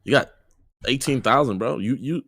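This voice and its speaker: A man's voice: medium pitch, fairly quick, a bit bright, no echo. A young man speaking as a guest on a livestream, in upbeat, rambling, earnest casual chat. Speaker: streamer guest.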